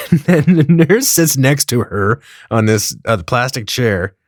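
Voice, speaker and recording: A man telling a comedic story in a profane, animated way, acting out the dialogue as he goes. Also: medium pitch, slow, no echo, studio quality.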